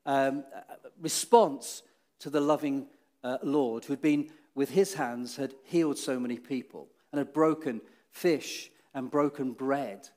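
A man preaching a children's talk in church, telling the story with many restarts and swinging between dramatic rises and hushed, solemn drops. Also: mid-range voice, measured pace.

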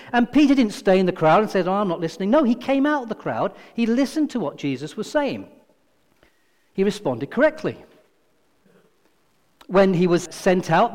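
A man's voice: high-pitched, a little mellow. A man preaching a sermon, telling a scripture story and acting out the quoted lines, with repeated phrases for emphasis. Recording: reverberant hall.

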